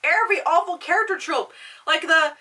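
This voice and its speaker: A woman's voice: very high-pitched, a little fast, pushed and bright, recorded from a distance. A young woman vlogger ranting casually about a film, swearing often, full of fillers and restarts. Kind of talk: casual rant.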